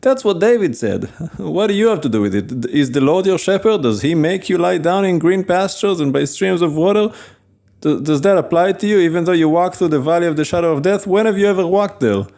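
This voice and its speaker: A man's voice: sits high, animated, brisk, creaky, warm tone. A man preaching on prayer, firing off emphatic rhetorical questions with a scoffing edge. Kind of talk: spoken teaching on prayer.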